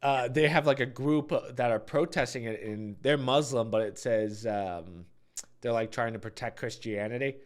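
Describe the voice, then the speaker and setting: A man's voice: medium pitch, normal speed. A young man hosting a casual podcast chat from his ground-floor home, talking loosely with frequent restarts and laughs. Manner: chatty, stumbling restarts, laughs often. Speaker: podcast host.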